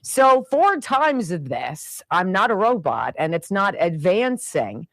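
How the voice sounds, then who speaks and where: A middle-aged woman hosts a radio show, spinning a family story in a low-pitched voice that swings widely up and down. She talks in an exasperated, animated way and acts out the other people's lines. The sound is close and dry. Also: takes it slowly, no room sound. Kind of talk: storytelling monologue.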